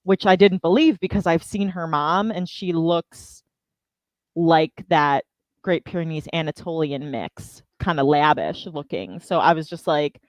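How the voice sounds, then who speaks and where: A woman's voice: low voice, measured pace, no room sound. A woman hosting a writing livestream, chatting casually and laughing often. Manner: giggly, animated, laughs often. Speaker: livestream host.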